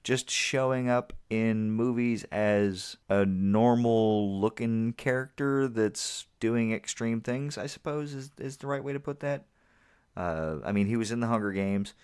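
A man's voice: mid-range voice, measured pace, darkish tone, clean tone. A man co-hosting a podcast, chatting casually about movies in a rambling way and laughing at his own jokes. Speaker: podcast co-host. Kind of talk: casual movie review chat.

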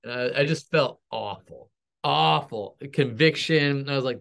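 A man's voice: mid-range voice, a little slow, gravelly, a bit bright. A man, a pastor and military veteran, telling stories in a rambling, self-deprecating way as an interview guest. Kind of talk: casual storytelling interview.

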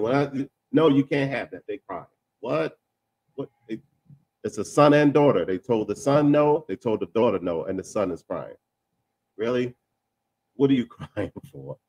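A man speaking in a casual panel discussion, his voice sitting at an ordinary middle pitch. He talks in an animated way, repeats words, trails off into "da, da, da" and chuckles between points. The sound is dry and close, with no room around it. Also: no echo. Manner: laughs while talking.

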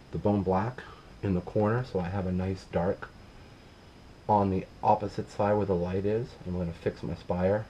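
A middle-aged man giving a casual painting demonstration, relaxed and talking while he works, often trailing off mid-sentence. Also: sits low, highs cut off, a little hiss or hum. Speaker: painting instructor.

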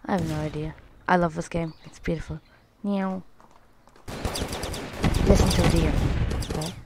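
A woman hosting a playful, excitable let's play, chatting to her viewers as she plays. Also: fairly low pitch, moderate pace, heavy background noise. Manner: playful, excitable, talks to viewers as lads and guys. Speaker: gaming channel host.

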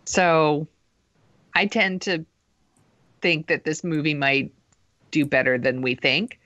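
A woman's voice: deep voice, slow, a bit bright, dry recording, muffled recording. A woman co-hosting a casual podcast chat, blunt and teasing in her opinions. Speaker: podcast co-host.

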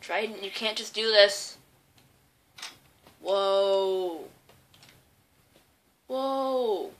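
A young woman, a gaming YouTuber, gives casual let's-play commentary over game music in a mid-range, fairly bright voice. She rambles and is easily surprised.

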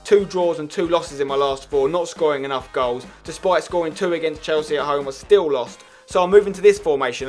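Excitable young man narrating his game. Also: on the high side. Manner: excitable, yells at the players. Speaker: gaming YouTuber. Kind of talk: live game commentary.

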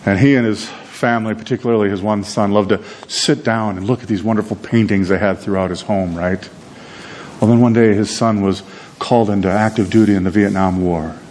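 A man preaching a sermon, telling a story in a conversational, animated way with frequent repeated words. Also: fairly low pitch, a little fast, a little hiss or hum. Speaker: pastor.

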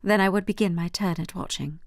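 A woman giving a gentle, measured first-person reading from a memoir. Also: on the low side, no echo, clean studio sound.

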